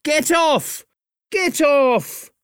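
A man voicing a timid, fussy little male tailor in a slow, careful storybook reading for learners. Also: mid-range voice, huge pitch swings, fairly bright tone, no echo, clean studio sound, exaggerated voice. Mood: shouting. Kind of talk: graded reader storybook narration.

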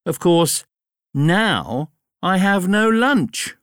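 A man voicing a timid, fussy little male tailor in a slow, careful storybook reading for learners. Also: high-pitched, big pitch swings, clean tone, no echo, studio quality, voice pushed up, full character voice. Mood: rueful. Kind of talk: graded reader storybook narration.

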